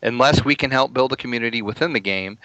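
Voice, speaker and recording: A man reading a listener's letter aloud with a wry, amused delivery. His voice is bright and forward, recorded dry and close. The audio has a slightly dull, lo-fi quality. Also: medium pitch, fast talker, no echo. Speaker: podcast co-host reading a listener comment.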